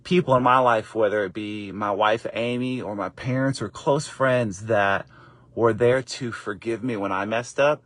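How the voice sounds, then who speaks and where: A middle-aged man and father telling a casual story to camera, lively and encouraging, jumping up in pitch when he acts out what others said. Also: a little slow, dry recording. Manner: animated, acts out quoted voices with high pitch jumps; encouraging, faith-based wrap-up. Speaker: father and faith vlogger.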